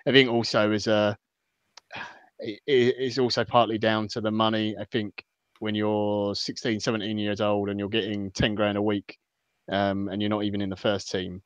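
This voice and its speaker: A man hosting a casual football podcast, moderating with a jokey, brisk manner and reading out listener questions. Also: fairly low pitch, little pitch movement, clean tone, no room sound. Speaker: podcast host. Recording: dry, slightly dull home mic.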